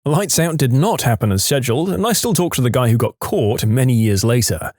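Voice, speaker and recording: A man's voice: brisk, dry recording, clean studio sound. A man reading listener stories aloud as scripted narration, lifting his voice for quoted characters. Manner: animated, jumps pitch for quoted voices.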